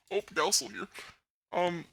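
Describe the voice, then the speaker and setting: A woman's voice: on the low side, creaky, noisy background. A woman chatting casually to her live stream chat from her room at home, laughing often and talking to viewers. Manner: giggly, chatty, talks to chat. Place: bedroom at home.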